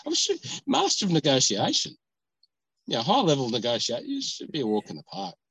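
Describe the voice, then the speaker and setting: A man's voice: mid-range voice, huge pitch swings, fairly quick, fairly bright tone, breathy edge, no room sound, low-quality recording. A man chatting as a podcast host, rambling and joking while sitting in a parked car. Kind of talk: casual chat.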